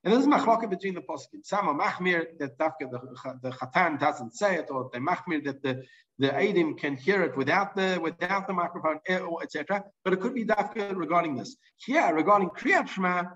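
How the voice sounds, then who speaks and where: A man's voice: high voice, expressive, brisk, a bit bright, recorded from a distance, highs cut off. A man teaching a Torah lesson, reading Hebrew and Aramaic sources aloud and explaining them in English, with frequent restarts and fillers. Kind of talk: halachic lesson with Hebrew quotes.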